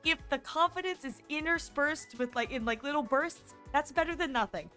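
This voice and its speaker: A young woman streaming a game, gushing and animated as she comments and reads lines aloud. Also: sits high, normal speed, faint music behind. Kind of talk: let's play commentary.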